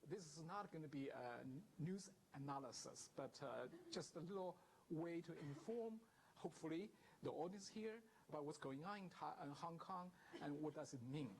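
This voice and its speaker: A man's voice: fairly high pitch, animated, normal speed, a little hiss or hum, rough recording. A man from southern China, a native Chinese speaker, giving an academic lecture with joking asides and frequent "right?" check-ins. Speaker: guest lecturer.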